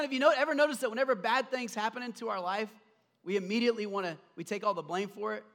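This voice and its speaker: A male pastor preaching a sermon, swinging from hushed, low passages to loud, emphatic calls. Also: fairly even intonation, fast. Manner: acts out quoted voices while retelling a story.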